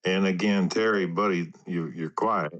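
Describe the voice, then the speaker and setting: A man's voice: sits low, fairly even intonation, normal speed, muffled recording. A man hosting a live audio chat, self-deprecating and laughing easily. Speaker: host of a live audio space. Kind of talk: casual chat.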